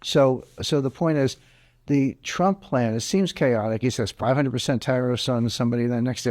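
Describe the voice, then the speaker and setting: A man's voice: mid-range voice, normal speed, a little mellow, no echo, studio quality. A man giving interview answers on economics in an emphatic, explanatory way, hammering home his key points. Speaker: interview guest, economic commentator.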